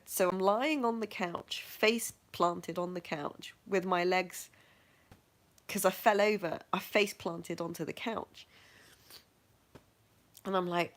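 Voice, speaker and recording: A middle-aged woman with a fairly low voice tells her own story in a frank, matter-of-fact way. She keeps laughing at herself as she goes. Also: moderate pace. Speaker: vlogger sharing her health journey. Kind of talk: candid personal storytelling.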